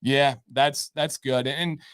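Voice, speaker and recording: A man's voice: medium pitch, steady tone, takes it slowly, a bit bright, clean tone, no room sound, studio quality. A man hosting a live-stream advice show, answering chat questions in an upbeat, emphatic way and repeating his key points. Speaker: show host giving beard advice.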